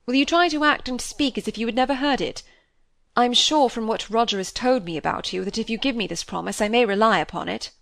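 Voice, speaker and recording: An anxious young gentleman in a storybook reading who speaks brusquely and presses his point, put on by a woman narrator. The voice stays close to the reader's own, pushed slightly louder, and the recording is dry. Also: on the high side, brisk, vocal fry, no echo. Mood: curt. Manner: brusque, insistent.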